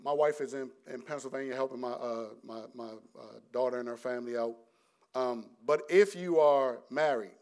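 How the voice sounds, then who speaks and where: A middle-aged man with a medium-pitched voice preaches a conversational sermon. He often restarts his sentences and swings between loud and hushed delivery.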